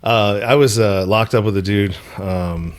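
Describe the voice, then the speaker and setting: A man with a fairly low voice hosts a podcast conversation. He talks in a relaxed, blunt way and swears casually. He is recorded in a hotel room made into a studio. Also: unhurried. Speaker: podcast host.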